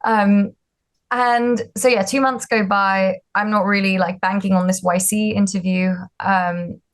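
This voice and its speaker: A woman's voice: medium pitch, level tone, a little slow. Chatty young woman founder. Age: 20s. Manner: chatty, frequent ums and likes, self-deprecating. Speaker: startup founder, guest. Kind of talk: casual interview storytelling.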